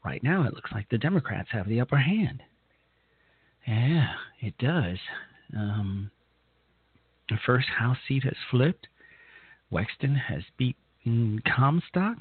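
A man hosting a live political talk radio show, halting and repeating himself as he talks, nervous throughout. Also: mid-range voice, big pitch swings, breathy edge, no room sound. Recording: tinny phone-like line.

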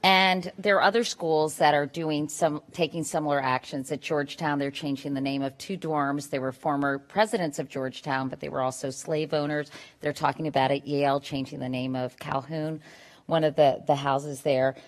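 Low-voiced woman moderator, playful, laughs between questions. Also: steady tone, normal speed. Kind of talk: moderating a panel.

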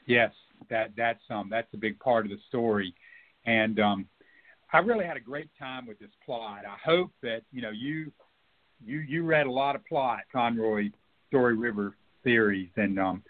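Guest novelist, male, thoughtful and halting, plenty of ums; narrow phone-quality sound. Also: mid-range voice. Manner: reflective, hesitant with many fillers and restarts. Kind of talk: radio interview conversation.

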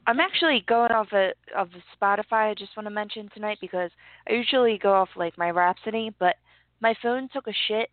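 A woman's voice: medium pitch, a little fast, no room sound. Chatty woman co-host on a phone line. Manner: relaxed, chatty, laughs easily. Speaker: podcast co-host. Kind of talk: casual chat about music. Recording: dry, tinny phone-line sound.

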